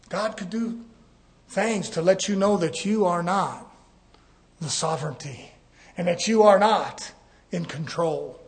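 A man preaching a sermon, telling folksy stories and rising into fervent shouts. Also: sits high. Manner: folksy storytelling.

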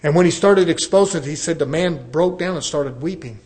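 A man preaching with earnest conviction in a voice that sits a little high for a man. He talks to his congregation as brethren and slips into a relaxed storytelling delivery, acting out the dialogue in his examples. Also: brisk. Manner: conversational storytelling with acted-out dialogue. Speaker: pastor. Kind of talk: sermon.

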